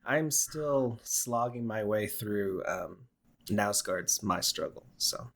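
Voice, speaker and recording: A man's voice: fairly low pitch, animated, takes it slowly, fairly bright tone. A man co-hosting a podcast, chatting casually with dry, teasing remarks. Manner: dry, teasing, with short interjections. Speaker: podcast co-host. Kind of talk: casual chat.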